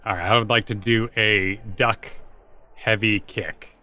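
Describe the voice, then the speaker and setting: A man's voice: on the low side, fairly even intonation, a little slow, pushed and bright. A man playing a tabletop game, playfully declaring his moves. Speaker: player. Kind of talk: tabletop play, casual.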